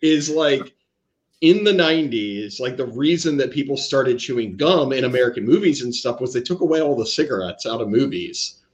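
A man's voice: mid-range voice, lively intonation, moderate pace. A man in the middle of a casual podcast chat about movies. He rambles, trips over his words and restarts sentences while chasing a side point. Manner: rambling, stumbles and restarts, tangents. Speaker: podcast co-host.

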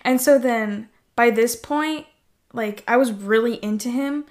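Young woman chatting about dating, giggly, lots of likes, kinda high voice. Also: unhurried. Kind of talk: casual chat.

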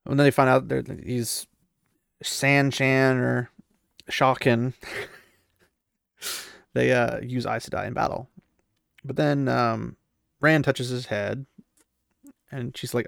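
A man's voice: medium pitch, fairly even intonation, takes it slowly, creaky, pauses often, a bit bright, dry recording, clean studio sound. A man casually retelling a fantasy novel, rambling and slipping into the characters' voices, with opinionated asides. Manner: rambling, acts out the characters' quotes loosely. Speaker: book recapper.

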